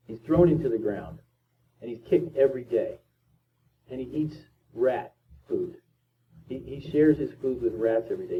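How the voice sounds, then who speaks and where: A middle-aged man giving a motivational talk, telling a story with emphatic swings between loud and quiet. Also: medium pitch. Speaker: motivational speaker. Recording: tinny distant sound with faint ambient noise.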